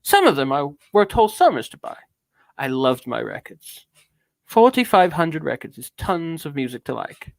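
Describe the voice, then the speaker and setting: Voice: mid-range voice, sing-song, normal speed, vocal fry, no room sound. A streamer putting on an affected British accent to read out an anguished man's confession with theatrical grandeur. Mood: brooding. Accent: put-on British. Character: grandiose anguished man reading his own confession. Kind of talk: dramatic reading of a text.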